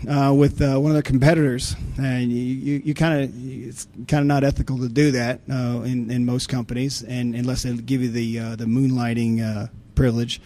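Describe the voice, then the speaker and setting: A man's voice: mid-range voice, little pitch movement, normal speed, few pauses, mellow. Folksy man giving a conference talk. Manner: folksy and blunt, many restarts and fillers. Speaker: conference speaker on insider threats.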